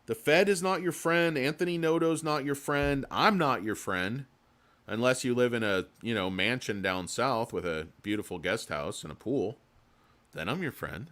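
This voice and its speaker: A man's voice: medium pitch, normal speed, a bit bright. A man hosting a livestream in casual chat, rambling and joking with lots of swearing. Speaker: livestream host.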